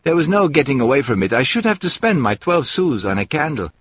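A man's voice: mid-range voice, sing-song, brisk, fairly bright tone, slightly rough, dry recording. A man reading a first-person story aloud in a dry, wry storytelling manner. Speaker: narrator. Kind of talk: first-person audiobook narration.

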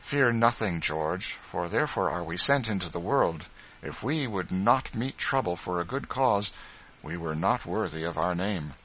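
A man's voice: low voice, unhurried, full character voice, low-quality recording. A man reading a grave, kindly Quaker farmer. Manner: grave, steady.

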